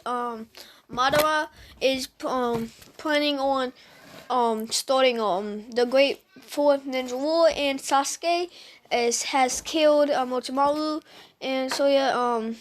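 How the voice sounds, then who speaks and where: A woman casually retelling a fan story to her viewers, hesitant and full of "um"s and restarts, chatting straight at the audience. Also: high-pitched.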